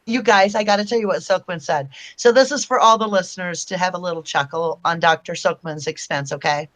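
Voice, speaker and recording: A woman's voice: fairly low pitch, brisk, a bit bright. A woman hosting a casual live-stream chat from home, chatting loosely and greeting viewers by name as she reads their comments aloud. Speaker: host of a live chat show.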